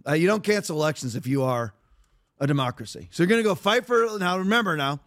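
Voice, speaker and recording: A man's voice: fairly high pitch, animated, quick pace, fairly bright tone. A man hosting a podcast, giving blunt, emphatic political commentary in a rambling way with frequent restarts. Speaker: podcast host.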